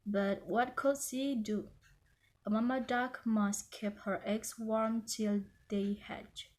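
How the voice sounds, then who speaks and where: Slow, gentle woman reading a story. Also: fairly high pitch, steady tone.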